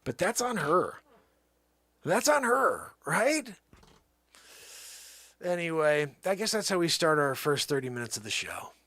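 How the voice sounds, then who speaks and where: Animated, joking male livestream host. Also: on the high side, brisk, hardly any pauses, no room sound. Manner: animated, joking, pleading in an over-the-top way on a pretend call. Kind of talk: comedic live show banter.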